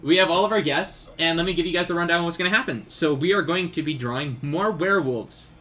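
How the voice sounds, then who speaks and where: A young man hosts a relaxed live stream while he draws. His voice sits a little high, and he rambles through casual chat with plenty of ums and restarts. A faint hum runs underneath. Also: fast talker. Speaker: streamer and artist.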